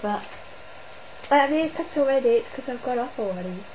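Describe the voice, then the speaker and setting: A woman's voice: on the high side, expressive, brisk, a little mellow, slight background noise, poor audio. Rambling woman reviewing an old show. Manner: rambling, hesitant, with frequent restarts. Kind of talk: casual spoken review.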